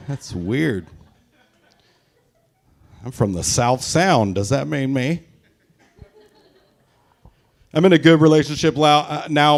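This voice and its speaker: Crude self-mocking stand-up comic man. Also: mid-range voice. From Tacoma, Washington, US. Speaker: stand-up comedian. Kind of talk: live stand-up set. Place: live show at a brewery.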